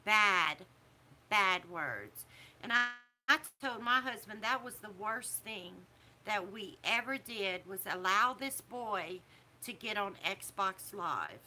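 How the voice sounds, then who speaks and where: A middle-aged woman, talking casually to camera as a vlogger in a disapproving, preachy way with drawn-out emphasis. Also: medium pitch, sharp tone, slight background noise. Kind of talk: casual opinion talk to camera.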